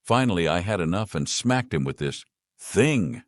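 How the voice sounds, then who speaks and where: A man voicing an agitated young woman mage who yells and growls in a raised voice. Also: deep voice, sing-song, normal speed, no echo, clean studio sound. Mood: angry. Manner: yelling, agitated. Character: furious young woman mage, shrill temper.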